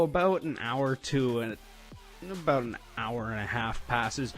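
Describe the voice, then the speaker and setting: Slow, laughing young man telling a story. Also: medium pitch, animated, faint music behind. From Canada. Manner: rambling, laughs often, many fillers. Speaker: storytime vlogger. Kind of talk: casual storytelling.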